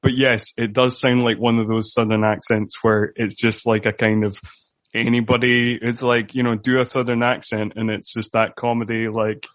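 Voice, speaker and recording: A man co-hosts a podcast in relaxed conversation, his voice sitting at an ordinary middle pitch. He shares trivia in a chatty way, often restarting his sentences. The audio is dry and a bit dull. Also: moderate pace, no room sound. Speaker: podcast co-host. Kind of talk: casual chat.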